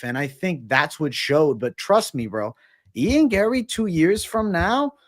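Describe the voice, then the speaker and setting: A man co-hosting a casual sports talk show, earnest and emphatic, often calling his partner "bro" and "man". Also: on the high side. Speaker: MMA podcast co-host.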